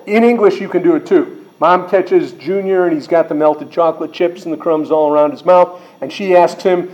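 A man's voice: fairly high pitch, a little fast, few pauses, rough recording. A middle-aged man preaching a sermon as pastor, explaining scripture verse by verse and acting out quoted voices.

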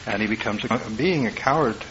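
A man preaching a sermon in a folksy, conversational way, swinging between loud emphatic bursts and quiet low asides. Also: a little fast, background noise. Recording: dull lo-fi sermon tape.

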